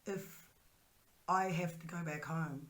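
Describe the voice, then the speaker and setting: Low-voiced reflective woman co-host. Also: fairly even intonation, takes it slowly. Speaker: radio co-host. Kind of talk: casual radio chat.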